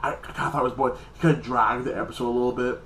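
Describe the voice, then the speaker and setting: A man's voice: mid-range voice, steady tone, rapid-fire, fairly bright tone, reverberant, a little hiss or hum, poor audio. A man casually recapping a TV episode in a rambling, loose way, with heavy use of filler words. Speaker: TV episode reviewer.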